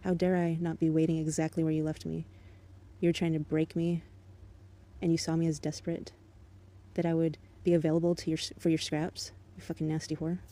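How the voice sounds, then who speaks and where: A woman's voice: sits low, flat delivery, brisk, warm tone. A woman in an angry, profane monologue aimed at an ex-partner, bitter and contemptuous but controlled. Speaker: vlogger.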